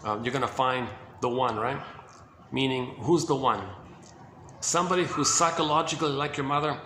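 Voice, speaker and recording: A man's voice: mid-range voice, fairly even intonation, moderate pace, reverberant, background noise. A man giving an informal lecture on psychoanalysis, talking emphatically with lots of repetition and fillers.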